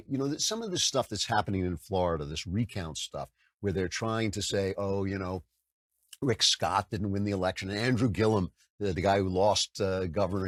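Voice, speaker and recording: Brief: older male podcast host, husky low voice, lively pitch, dry close sound. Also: no echo. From United States. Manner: conversational, animated, mocking impressions. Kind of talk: political commentary monologue.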